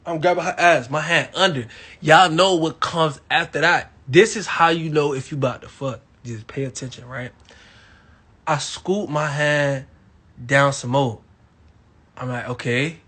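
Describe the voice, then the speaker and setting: A young man from Miami telling a crude story to his live audience, animated and swinging between loud bursts and hushed asides. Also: fairly high pitch, a little slow, breathy edge. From Miami, Florida. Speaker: livestream host.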